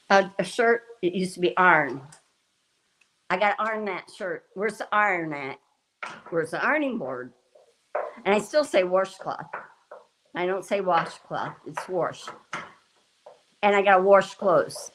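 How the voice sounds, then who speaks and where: Cooking during a livestream, a woman chats casually with live viewers, rambling, laughing often, and restarting. Her mid-range, slightly bright voice is very animated yet measured in pace, with frequent pauses; the low-quality recording has a little hiss or hum.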